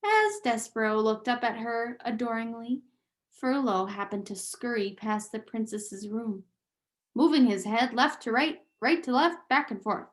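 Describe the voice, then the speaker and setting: A woman reads a storybook aloud in a fairly high voice. Her narration is slow and deliberate, with expressive rises for the story's moments. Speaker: reader.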